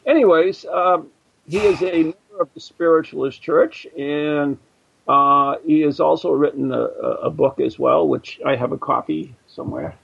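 A man's voice: fairly high pitch, normal speed, gravelly, fairly bright tone, husky, dull audio. An American man hosting a radio show, joking and rambling with plenty of fillers and restarts. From United States. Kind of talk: casual radio show chat.

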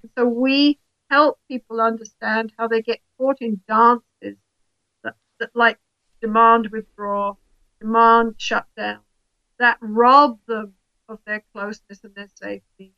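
Woman therapist, higher-pitched and bright; animated interview explainer who acts out the voices in her examples; dry, lo-fi recording. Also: measured pace, dry recording. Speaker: couples therapist.

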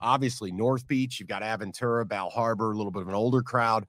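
A man's voice: fairly low pitch, fast talker, no echo, studio quality. Easygoing man chatting on a podcast. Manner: loud, punchy ad read then relaxed, rambling chat. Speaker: podcast host. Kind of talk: casual chat and host-read ad.

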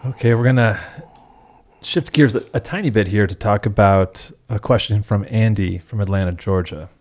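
Male host, low voice, earnest, conversational. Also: moderate pace, darkish tone. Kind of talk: casual chat.

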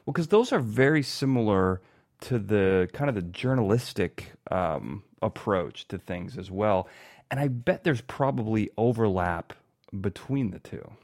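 A self-mocking male podcast host talks in a fairly low voice, recorded close and dry. He rambles in a loose, joking way and often stumbles and restarts mid-sentence. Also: expressive, unhurried, darkish tone, dry recording.

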